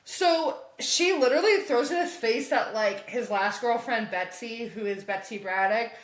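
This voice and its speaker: A woman with a high voice, telling a story on a podcast in a loose, animated way. She swears freely and laughs a lot. The room around her sounds roomy and echoey. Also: moderate pace. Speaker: podcast co-host. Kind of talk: casual chat recapping comics.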